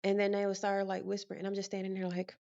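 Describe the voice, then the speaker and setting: A woman vlogger in casual storytime mode, telling her story with lively energy and acting out the conversations. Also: mid-range voice, quick pace, vocal fry, dull audio.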